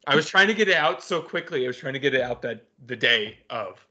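A man's voice: medium pitch, animated, fast, pushed and bright, lo-fi sound. A man co-hosting a podcast, chatting casually and telling a story against himself. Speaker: podcast co-host. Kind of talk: casual chat.

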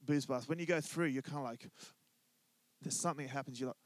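A man's voice: medium pitch, quick pace, dry recording. A man preaching a conversational sermon in church, joking and asking the congregation to answer back. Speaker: pastor.

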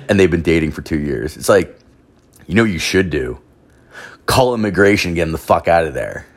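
A man's voice: expressive, fast. Profane Canadian man ranting casually. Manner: heavy swearing, constant "like" fillers, mimics others in a higher voice. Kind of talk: profane casual storytelling rant.

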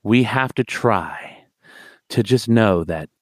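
Man, podcast guest, lively swooping voice, dry close sound, profane rambling stories. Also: lowish voice, takes it slowly, dry recording. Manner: profane, rambling, animated storyteller. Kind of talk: casual chat.

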